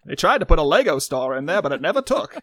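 A man co-hosting a podcast, spinning absurd stories in a rambling, deadpan way. His pitch sits a little high and moves around a lot. The sound is close and dry. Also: fast talker, dry recording. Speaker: podcast co-host. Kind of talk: casual comedic chat.

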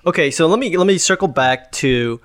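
A man's voice: a little high, expressive, a little fast. A man hosting a podcast, patiently and methodically explaining investing in casual talk.

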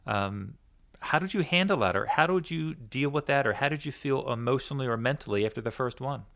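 A man's voice: medium pitch, expressive, fairly quick, creaky, fairly bright tone, slight background noise. A man hosting an interview show, asking questions in a hesitant way full of fillers. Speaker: podcast host.

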